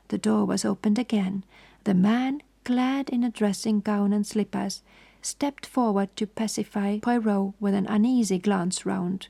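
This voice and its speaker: A woman reading a sleep story in a whispered, slow, hushed voice. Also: medium pitch, steady tone, gravelly, husky.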